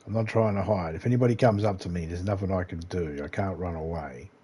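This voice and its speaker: Aussie bloke streaming a game, low husky voice, rambles and swears easy. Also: male voice, fast talker, warm tone. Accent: Australian. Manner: rambling, laid-back, swears casually. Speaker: gaming livestreamer. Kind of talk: casual gameplay commentary.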